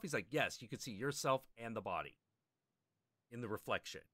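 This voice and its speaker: A man's voice: medium pitch, brisk, no room sound, clean studio sound. A man hosting a stream, telling a long anecdote in casual chat and acting out the people in it. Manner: animated, acts out quoted characters. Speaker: stream host telling a story.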